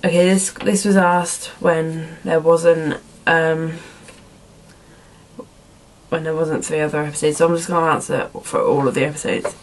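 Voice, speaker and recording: A woman's voice: deep voice, flat delivery, measured pace, rough recording. A young woman answering viewer questions in a casual vlog, rambling and filling her talk with "like" and "um" in a put-on accent. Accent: put-on accent, not her own. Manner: rambling, lots of "like" and "um".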